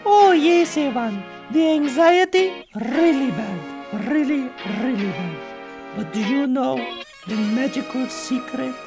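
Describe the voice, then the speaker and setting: A woman voicing a slow, sultry, mock-mysterious comic character in a podcast outro sketch. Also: sits high, expressive, exaggerated voice. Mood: sultry teasing. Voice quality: creaky, drawling. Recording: music playing underneath.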